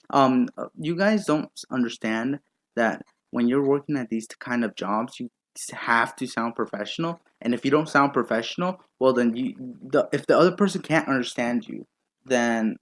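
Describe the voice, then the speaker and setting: A man's voice: mid-range voice, moderate pace. A man commentating a video he disagrees with, in a sarcastic, profane and incredulous rant. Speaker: YouTube commentator. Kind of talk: reaction rant.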